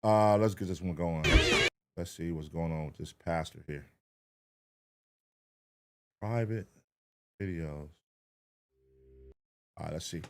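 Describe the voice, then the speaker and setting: A man streaming live, reacting to clips and chatting loudly and profanely with his viewers. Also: sits low, slow pace, pauses often, background noise. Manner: loud, excitable, profane, animated. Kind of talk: casual livestream chat.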